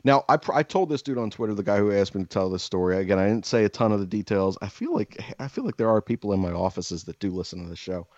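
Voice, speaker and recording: Deep-voiced man venting on a podcast. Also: fast, hardly any pauses, no room sound. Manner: rambling, profane, venting with mock-calm outbursts. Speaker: podcast host. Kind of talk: casual chat. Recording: dull dry lo-fi audio.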